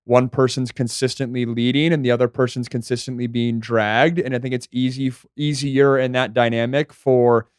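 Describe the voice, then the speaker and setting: A young man talking casually as a podcast guest, relaxed and reflective as he thinks out loud. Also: medium pitch, moderate pace, hardly any pauses, clean tone, dry recording, studio quality. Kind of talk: casual chat.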